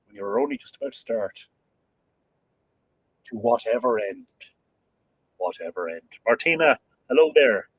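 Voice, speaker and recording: An Irish man hosts a livestream, his mid-range voice a bit bright and husky on a dry recording. He reads viewer comments and chats with them casually and enthusiastically, laughing often.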